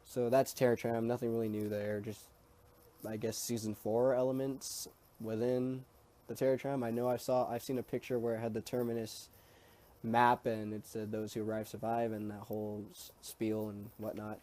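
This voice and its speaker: A man chatting casually to his camera with a mellow, warm tone, rambling as he goes. His speech is easygoing but hesitant, with frequent ums and false starts. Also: fairly low pitch, little pitch movement, normal speed. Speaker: vlogger.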